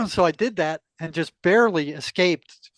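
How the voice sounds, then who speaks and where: In a relaxed interview, an older male guest with a strikingly high voice tells a long story about his own life, performing the dialogue and laughing often. He speaks at a moderate pace, and the recording is dry and close-miked with no room sound.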